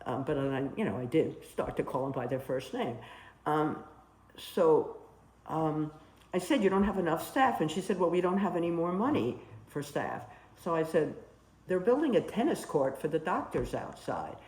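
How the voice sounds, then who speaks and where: In a casual storytelling interview, a woman recalls working as a nurse overseas, speaking at normal speed in a lowish voice that swings widely. She's animated and performs the quoted dialogue, and the room sounds spacious with a faint background ambience.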